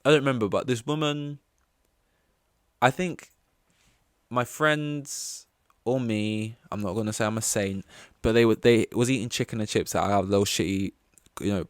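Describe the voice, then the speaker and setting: Rambling young English guy, low and dry. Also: normal speed, long pauses, clear, resonant tone, dry recording. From England. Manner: rambling, swears, self-interrupting. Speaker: podcast host. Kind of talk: casual solo podcast rant.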